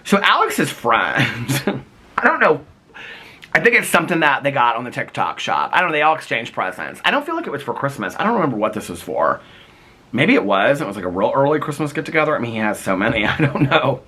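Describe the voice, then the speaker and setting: A man's voice: medium pitch, huge pitch swings, fast, bright, forceful tone, slightly rough. A man vlogging casually from home on a handheld phone, rambling with lots of fillers and frequent laughter. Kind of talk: casual chat. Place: his home, indoors.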